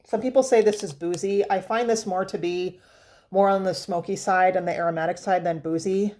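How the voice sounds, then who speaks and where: A woman's voice: mid-range voice, steady tone, fairly quick, darkish tone. A woman vlogger chatting casually about perfumes, rambling with fillers and restarts. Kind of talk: casual chat.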